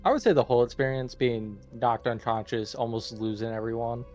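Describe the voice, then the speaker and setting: A man's voice: medium pitch, fairly even intonation, a little fast, a little mellow, faint music behind. A man playing a tabletop game, thoughtful, asking questions about the rules. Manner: thoughtful, asks rule questions. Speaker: player. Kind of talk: casual tabletop play.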